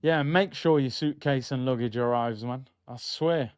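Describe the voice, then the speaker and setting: Over a streaming mic, a young man casually comments on a football match live for viewers, reading out chat and reacting loudly when chances come. The recording is dry, and his mid-range voice has a clean tone at a moderate pace.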